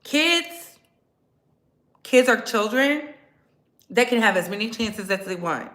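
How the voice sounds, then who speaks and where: A woman's voice: medium pitch, normal speed, fairly bright tone, echoey room. Sassy, blunt woman livestreaming. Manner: blunt, sassy, talks straight to her chat. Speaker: livestream host. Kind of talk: casual livestream chat.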